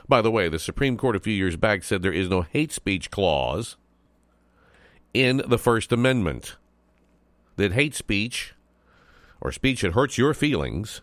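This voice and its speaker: A man with a lowish voice running a talk radio monologue, folksy and sarcastic, needling his targets with mocking asides. The sound is dry and close, straight into a studio microphone with no room around it. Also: no echo. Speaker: radio talk show host.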